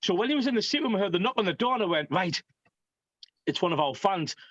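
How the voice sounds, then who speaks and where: A man's voice: sits high, quick pace, no echo, highs cut off. A man, hosting a casual beer podcast and telling stories animatedly. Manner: animated storyteller. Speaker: podcast host. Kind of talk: casual chat over beers.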